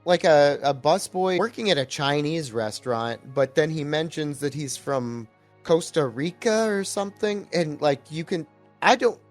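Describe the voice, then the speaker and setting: A chatty man co-hosting a casual movie podcast, with a voice a little high for a man. He speaks bluntly and belts out quotes from scenes for emphasis. Soft music runs in the background. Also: moderate pace. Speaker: podcast co-host.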